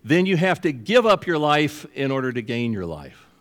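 Jesus as a calm, firm teacher voiced by a male preacher, giving plain instruction. The voice stays close to an ordinary man's speaking voice. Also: medium pitch, normal speed.

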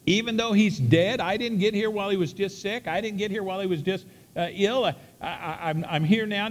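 A man's voice: high voice, fairly quick, big-room sound. A man preaching a sermon, retelling a story in a conversational way with many repeats and restarts.

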